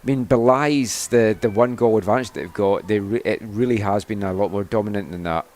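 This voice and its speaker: A man giving color commentary on a live women's football match, talking through the play in a relaxed, chatty way with frequent restarts. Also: on the low side, brisk. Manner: chatty analysis with restarts and "I mean".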